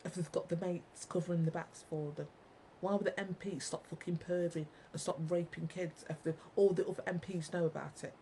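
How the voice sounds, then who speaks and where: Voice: medium pitch, fairly even intonation, fairly quick, dark tone, slight background noise, rough recording. Furious, swearing ranter. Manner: ranting, heavily profane, repetitive. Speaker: vlogger. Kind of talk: angry monologue to viewers.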